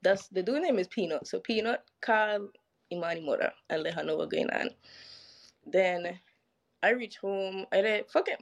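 A woman, telling a story as a guest in casual chat, animated and profane, acting out what others said. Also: medium pitch, normal speed. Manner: animated, profane, acts out quoted dialogue.

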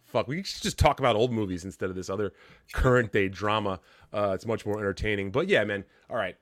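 A man's voice: on the low side, fast talker, dry recording, clean studio sound. A man co-hosting a podcast in casual, rambling banter, swearing freely and laughing often. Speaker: podcast co-host.

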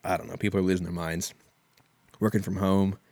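A man's voice: sits low, little pitch movement, brisk, gravelly, a little mellow, dry recording. A man hosting a casual solo talk, rambling in a wry, profane way. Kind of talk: casual solo comedic rant.

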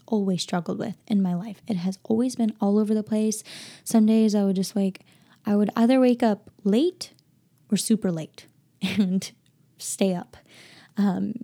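A woman's voice: medium pitch, warm tone. A woman hosting her own podcast, talking in a casual, upbeat and personal way. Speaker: podcast host. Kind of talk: casual solo podcast chat.

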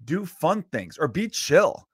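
A man's voice: on the high side, sing-song, slow pace, fairly bright tone, breathy edge, dry recording, clean studio sound. A man in his thirties from Chicago, hosting a solo podcast and ranting in a profane, preachy way. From Chicago area. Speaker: podcast host.

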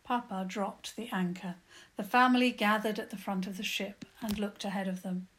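A woman calmly and gently narrating a children's story. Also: mid-range voice, moderate pace.

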